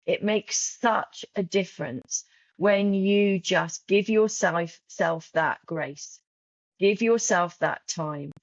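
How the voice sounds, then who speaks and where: A woman's voice: fairly low pitch, slow pace, no room sound, lo-fi sound. A woman podcast guest talking openly and emotionally, often restarting and repeating her words. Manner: heartfelt, frequent restarts and repetitions. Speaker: podcast guest, journal creator. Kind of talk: emotional casual interview talk.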